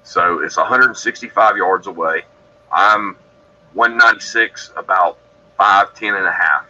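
Low-voiced man telling a rambling story. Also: unhurried, sharp tone, dull audio. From Georgia, USA. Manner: rambling, self-correcting, matter-of-fact. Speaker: guest describing encounters. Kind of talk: casual storytelling on a podcast.

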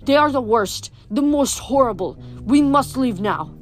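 A woman's voice: sits high, lively intonation, measured pace, faint music behind. A woman reading a book aloud, voicing a haughty teenage huntress who speaks in a formal, old-fashioned way. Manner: formal and archaic, curt.

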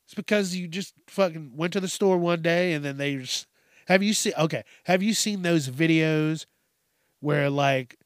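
Man, casual comedic commentary, cursing and rambling, slightly high voice, dry close mic. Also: moderate pace, clean tone, no echo. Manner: profane, rambling, jokey, puts on squeaky voices for kids. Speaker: news commentary host. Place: home room at a desk.

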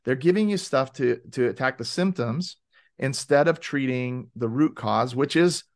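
A man as a podcast guest, telling a story in a casual, animated way and acting out quoted voices. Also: medium pitch, normal speed. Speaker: podcast guest, wellness advocate.

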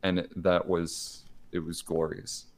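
A man with a fairly low voice, talking casually on a podcast. He tells workplace stories with a playful edge and acts out other people's lines. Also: flat delivery, measured pace.

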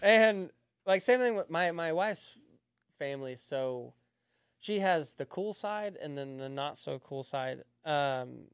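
A man in his thirties, a comedian guest on a podcast, tells rowdy, profane stories and mimics the people in them. His voice sits a little high and sounds smooth and resonant. A close studio mic keeps the sound dry. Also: animated, takes it slowly, dry recording. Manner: profane storytelling, acts out quoted voices. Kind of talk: casual podcast chat.

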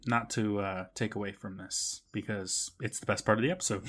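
A man's voice: on the low side, steady tone, brisk, a bit bright, husky. A man co-hosting a podcast, casually recapping an episode with lots of laughter and swearing, often mimicking the characters. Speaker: podcast co-host.

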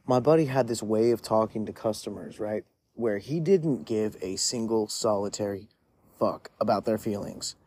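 A man's voice: lowish voice, normal speed, darkish tone. A man telling a story in a casual monologue, rambling with lots of "like" fillers and frequent swearing. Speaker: podcast storyteller.

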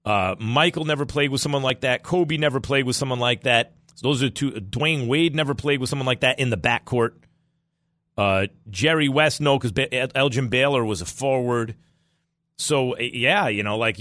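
A man from New York hosting a sports talk radio show, rambling in an animated way with quick asides. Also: medium pitch, no echo, studio quality.

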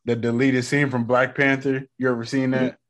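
A young man in casual chat, animated and slangy, acting out lines in voices. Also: medium pitch, normal speed.

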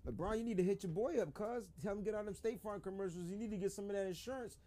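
A man co-hosting a live sports podcast, arguing in an animated, casual way and reading the chat aloud. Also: high voice, racing. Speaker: podcast co-host.

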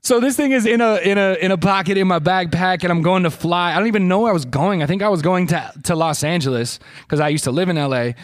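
High-voiced man telling a rambling comic story. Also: fast, few pauses. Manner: rambling, profane, self-mocking storytelling. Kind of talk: comic storytelling on a live podcast.

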